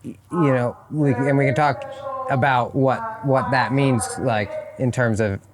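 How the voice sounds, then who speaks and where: A man's voice: mid-range voice, fairly even intonation, a little slow, a crowd in the background. A man talking as a guest on a podcast, thoughtful and often restarting his phrases, at a horse competition. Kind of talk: casual interview chat.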